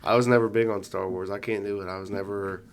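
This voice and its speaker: A man's voice: fairly low pitch, steady tone, quick pace, a little hiss or hum. A man co-hosting a podcast, chatting casually with laid-back, joking replies. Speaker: podcast co-host. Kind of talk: casual chat.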